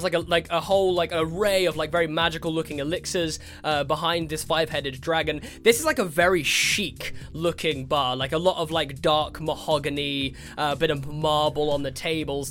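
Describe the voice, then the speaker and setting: Bright-voiced male game master. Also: a little high, steady tone, normal speed. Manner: rambling, lots of fillers. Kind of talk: narrating a tabletop game.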